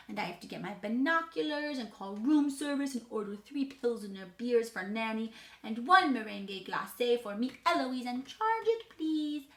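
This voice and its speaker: A woman's voice: on the high side, fairly bright tone. A woman voicing a precocious, mischievous six-year-old girl who lives in a hotel, in a chatty, boastful storybook monologue. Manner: chatty, boastful, matter-of-fact child monologue. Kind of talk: dramatic reading of a storybook character. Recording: roomy echo.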